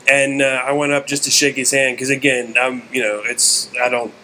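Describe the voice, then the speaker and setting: A man's voice: medium pitch, flat delivery, moderate pace, sharp tone, a little hiss or hum, rough recording. A man, a comedian, telling wry stories in a casual podcast chat. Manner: storytelling, wry.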